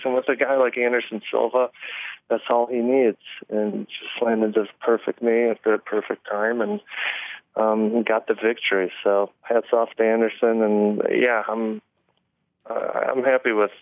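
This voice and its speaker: A man on a phone call, his voice gravelly and low in fry. He talks in halting bursts, restarting sentences and chuckling between thoughts. The line is tinny and narrow, and the sound is dry. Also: flat delivery, no echo. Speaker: MMA fighter guest. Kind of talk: phone interview.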